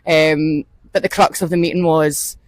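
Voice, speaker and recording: A Scottish actor, a woman, talking in an animated, expressive way as a guest in a casual interview. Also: low voice, moderate pace. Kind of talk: casual chat.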